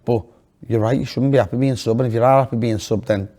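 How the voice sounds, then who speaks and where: A man's voice: mid-range voice, fast, crowd noise. A man co-hosting a casual chat, speaking informally with slang. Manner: relaxed conversational, informal slang. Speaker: podcast co-host.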